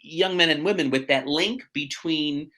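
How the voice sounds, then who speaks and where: A man, a real estate agent chatting as a podcast guest, animated and self-deprecating with quick asides. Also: on the high side. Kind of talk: casual podcast conversation.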